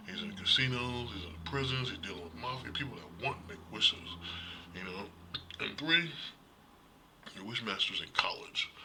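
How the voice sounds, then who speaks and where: Middle-aged male host, low and punchy, rambling and profane in casual talk. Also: bright, forceful tone, slight background noise. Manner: rambling, swears, laughs often, talks to viewers. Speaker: streamer host.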